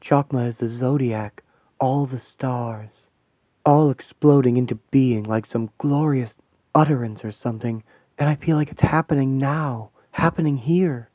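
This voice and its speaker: A man's voice: mid-range voice, measured pace, no room sound, close to an everyday voice. A man voicing an awestruck young woman mystic. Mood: awed. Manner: breathless wonder, lecturing on mystic symbols. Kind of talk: fan radio-play acting. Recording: tinny dry lo-fi sound.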